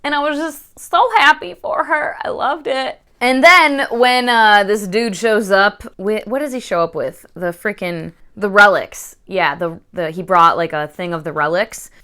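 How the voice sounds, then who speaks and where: A woman's voice: mid-range voice, a little slow, few pauses, pushed and bright, clean tone. A woman giving a casual book review, exasperated and swearing often.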